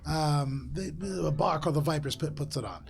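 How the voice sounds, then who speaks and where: A man voicing Tony, a nervous and pushy male fixer, in a higher, louder and quicker voice. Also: vocal fry, soft background music.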